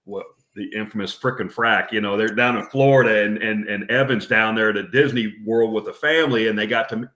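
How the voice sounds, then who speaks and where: A man's voice: fairly low pitch, fairly quick. A man hosting a casual chat, rambling and restarting often as he talks. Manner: rambling, warm-hearted with many restarts. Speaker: podcast host. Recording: roomy echo.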